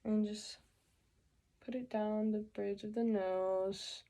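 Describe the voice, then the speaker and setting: A woman's voice: mid-range voice, little pitch movement, slow, warm tone. A young woman hosting a casual makeup tutorial, chatty and joking as she explains each step.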